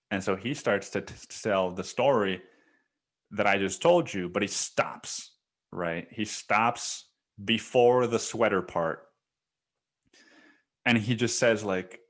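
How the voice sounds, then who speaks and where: A man's voice: on the low side, takes it slowly. A young man hosting a solo podcast, telling a story in a rambling, profane way with many restarts. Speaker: podcast host.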